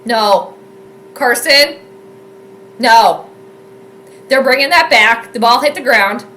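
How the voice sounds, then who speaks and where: Animated woman live-calling a football game. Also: on the high side, slow pace. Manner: animated, yells at plays, chatty with viewers. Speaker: sports commentator and astrologer streaming live. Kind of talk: casual live game commentary. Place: home room with space heater.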